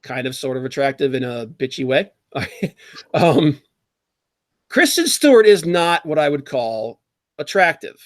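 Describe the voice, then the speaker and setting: A man hosts a casual livestream, talking in an animated, opinionated way and reacting to chat as he goes. His voice sits a little high. The sound is dry and close, with no room in it. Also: a little slow, no echo. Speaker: podcast host.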